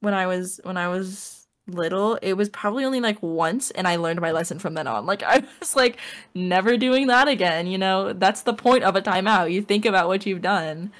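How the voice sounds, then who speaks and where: A woman's voice: medium pitch, brisk, few pauses. A young woman co-hosting a podcast, chatting casually and rambling with lots of fillers and giggles. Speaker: podcast co-host. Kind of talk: casual chat.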